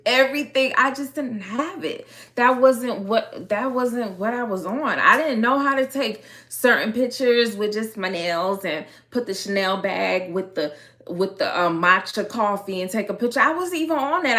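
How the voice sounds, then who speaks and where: A woman's voice: fairly high pitch, pushed and bright. A young woman with a Miami accent, a hair care creator telling a story time in a chatty, slangy way with frequent laughs.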